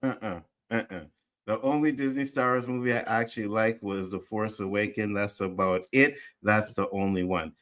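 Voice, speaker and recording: A man's voice: lowish voice, fairly even intonation, moderate pace, a bit bright. A man co-hosting a livestream show, ranting casually and swearing constantly in heated outbursts. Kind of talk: casual profane rant.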